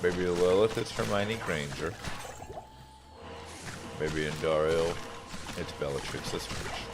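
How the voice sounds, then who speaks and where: A man's voice: deep voice, music in the background. A man streaming a game, chatting casually and dryly as he reads viewer messages and muses aloud. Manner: dry, unhurried, musing aloud.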